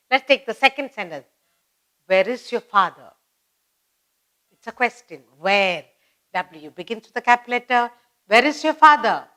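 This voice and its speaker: A woman's voice: medium pitch, a bit bright. A woman teaching a children's grammar lesson, repeating each example sentence and explaining it step by step. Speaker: English teacher.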